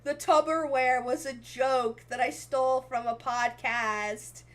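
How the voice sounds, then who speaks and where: A woman's voice: high-pitched, fairly even intonation, slow. A young woman streaming as a VTuber, chatting casually and giggling often as she reads comments aloud. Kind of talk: casual livestream chat, reading comments.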